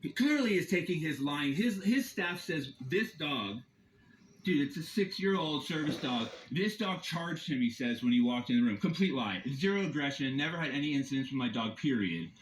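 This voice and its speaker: A man's voice: a little high, lively intonation, moderate pace, roomy sound, a little hiss or hum, poor audio. A man in a heated, rambling rant, filming on his phone from inside a vehicle. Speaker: campground guest confronting staff and police. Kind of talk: agitated first-person rant. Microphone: phone camera.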